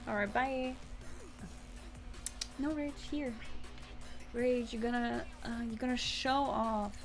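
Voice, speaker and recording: Young woman streamer, fry-heavy voice, casual and chatty, reads a story game aloud. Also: fairly high pitch. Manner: chatty, swears casually, talks to chat and her cat. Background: faint music.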